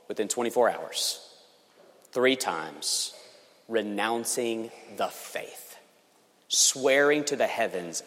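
A man preaching a sermon as pastor, emphatic and swinging between loud passages and hushed ones. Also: lowish voice, expressive, takes it slowly, pauses often, big-room sound.

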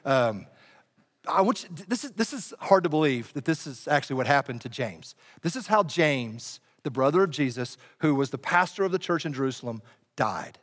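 A man pastor preaching a sermon, telling the story dramatically with bursts of fast speech. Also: mid-range voice, animated, a bit bright, big-room sound.

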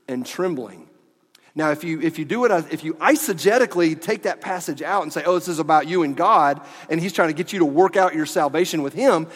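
A man preaching a sermon as pastor of a church, animated and at times dropping to quiet emphasis. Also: high voice. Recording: long church hall reverb.

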